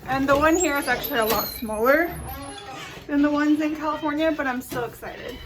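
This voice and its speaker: A woman's voice: high voice, brisk, noisy background. A young woman, a doctoral student, chatting upbeat to her viewers in a casual vlog. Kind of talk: casual vlog narration to camera.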